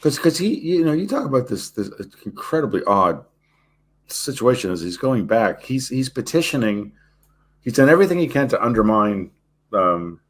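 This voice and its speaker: A man co-hosting a history show, asking long halting questions full of fillers. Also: mid-range voice, sing-song. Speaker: podcast co-host. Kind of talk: interview questions.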